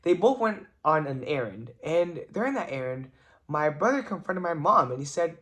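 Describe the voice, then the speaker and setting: A man's voice: a little high, expressive, normal speed, a bit bright. Chatty young man telling a family story. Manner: chatty, many "like" fillers, earnest and reflective. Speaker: vlogger. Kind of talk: casual storytelling vlog.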